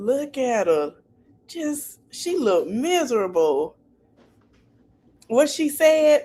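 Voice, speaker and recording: A woman's voice: high-pitched, big pitch swings, drawn-out words, pauses often, dark tone. A woman hosting a casual livestream chat, teasing and laughing while greeting viewers by name. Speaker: livestream podcast host.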